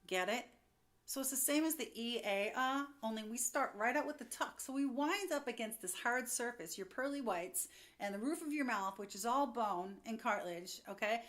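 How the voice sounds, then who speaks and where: A woman's voice: on the high side, animated, fairly bright tone. A young woman giving a singing lesson, upbeat and chatty, explaining as she goes. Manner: upbeat, explains with quick demos and laughs. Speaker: vocal coach.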